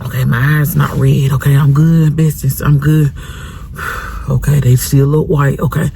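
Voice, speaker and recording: A woman's voice: rumbling low, level tone, normal speed, creaky, dark tone, a little hiss or hum. A woman hosting a vlog, chatting candidly to viewers about parenting her teenage son and repeating phrases for emphasis. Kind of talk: candid casual chat to viewers.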